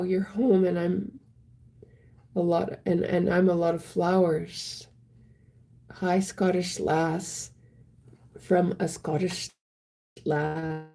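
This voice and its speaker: A woman casually chatting on a live stream, reading viewer comments aloud in a soft voice that often drops to a whisper. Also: on the low side, flat delivery, slow, gravelly, long pauses.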